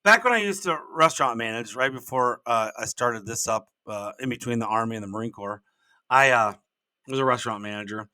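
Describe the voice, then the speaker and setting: Older male podcast host, bright and forceful, folksy and rambling, dry close sound. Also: medium pitch, lively intonation, fairly quick, dry recording. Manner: rambling, folksy, repeats words when restarting. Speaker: podcast host and business coach. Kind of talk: casual solo podcast storytelling.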